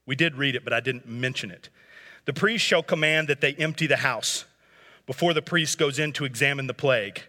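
A middle-aged man preaching a sermon as pastor, building to shouted exhortations. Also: mid-range voice, a little fast, long reverb tail.

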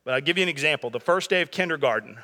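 High, bright-voiced man preaching in a hall. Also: expressive, rapid-fire. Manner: conversational preaching with humor and asides. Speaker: pastor. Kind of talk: sermon.

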